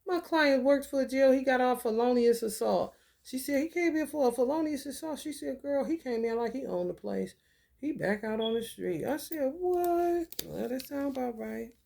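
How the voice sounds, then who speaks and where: A woman's voice: a little high, gravelly, dark tone. A woman venting in a casual monologue, telling a story bluntly and profanely with lots of rhetorical questions. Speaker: vlogger.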